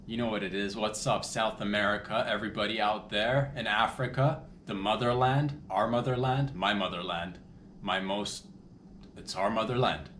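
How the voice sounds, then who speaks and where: A man's voice: on the low side, steady tone, moderate pace, a bit bright, echoey room, a little hiss or hum. A man hosting a comedy podcast, rambling loosely with crude jokes and asides. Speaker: podcast host.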